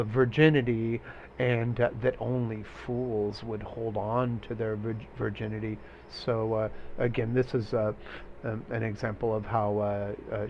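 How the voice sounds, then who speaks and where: A male teacher giving a recorded literature lecture, hesitant, full of fillers and throat-clearing. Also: mid-range voice, dull audio, slight background noise.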